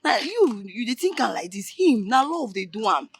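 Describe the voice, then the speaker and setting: An actor playing a man who calms the woman he protects, speaking Pidgin with a Nigerian accent. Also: very high voice, moderate pace, vocal fry, husky, exaggerated voice. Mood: soothing. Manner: coaxing, soothing Pidgin speech. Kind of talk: film drama acting.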